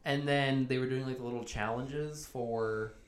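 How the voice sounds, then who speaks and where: A young man is co-hosting a relaxed podcast chat in an ordinary mid-range voice. He is laid-back, laughs along easily and swears casually. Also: medium pitch, normal speed. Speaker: podcast co-host.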